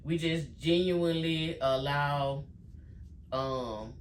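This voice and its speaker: A woman's voice: deep voice, slow pace. Chatty woman in an echoey room. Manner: warm, expressive, chatty, says baby and you know. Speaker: vlogger, co-host with her husband. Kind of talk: casual couple chat. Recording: roomy, distant mic with faint noise.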